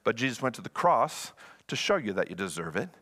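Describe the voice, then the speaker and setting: A man preaching as a guest pastor, animated and playful. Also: lowish voice, a little fast. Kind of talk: sermon.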